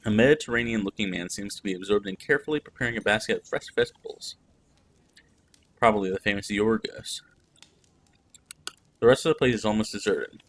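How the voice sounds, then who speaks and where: A man's voice: fairly low pitch, a little fast, pauses often, close to an everyday voice, rough recording. A man reading the first-person narration of an earnest young French woman in a narrative game.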